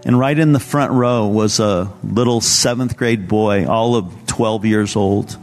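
Earnest conversational pastor preaching. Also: male voice, on the low side, measured pace, darkish tone, big-room sound, faint music behind. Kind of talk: sermon. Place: church service.

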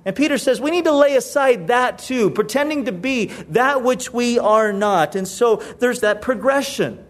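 High-voiced conversational pastor. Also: male voice, expressive, moderate pace. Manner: conversational, repeats key phrases. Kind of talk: sermon.

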